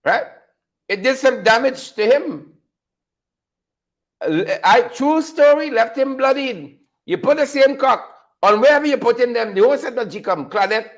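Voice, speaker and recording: A man hosting an unscripted political commentary show, mocking his subjects, laughing often and repeating phrases for effect. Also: very high voice. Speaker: show host.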